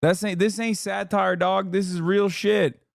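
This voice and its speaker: A man with a high-pitched voice rants in casual live-stream commentary, incredulous and profane as he reacts to clips. The sound is dry and close, with no room echo. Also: measured pace, gravelly. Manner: incredulous, profane, animated ranting.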